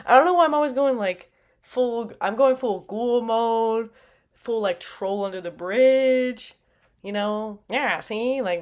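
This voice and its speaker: A woman hosting a casual fight recap, chatty and animated, often laughing at herself. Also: medium pitch. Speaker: fight review host.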